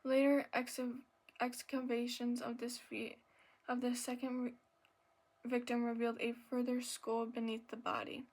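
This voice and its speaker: A woman hosting an ASMR video, reading aloud softly, stumbling over words and apologizing, now and then dropping into a whisper and a little out of breath. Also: a little high, completely flat delivery, measured pace. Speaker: ASMR channel host.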